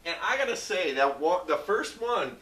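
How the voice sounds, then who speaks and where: A man co-hosting a film review chat, rambling and thinking out loud as he talks. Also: high-pitched, sing-song, moderate pace. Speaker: film review podcast co-host. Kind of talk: casual chat. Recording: echoey room, distant mic.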